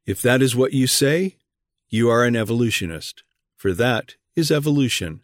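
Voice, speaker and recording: Male reader, mid pitch, earnest read-aloud sermon that presses questions on the listener; dry, roomless recording. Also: expressive, normal speed, no room sound.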